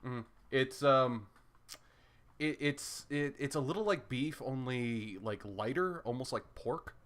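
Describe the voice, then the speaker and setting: A man's voice: mid-range voice, a little slow, fairly bright tone. A man chatting casually while livestreaming a game, often stammering and repeating words as he searches for them. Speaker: streamer.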